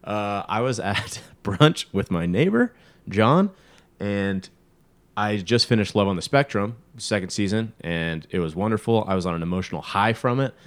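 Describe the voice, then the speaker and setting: A man hosting a podcast in casual chat, telling stories in an animated way. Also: lowish voice, normal speed. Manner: animated storyteller. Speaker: podcast host.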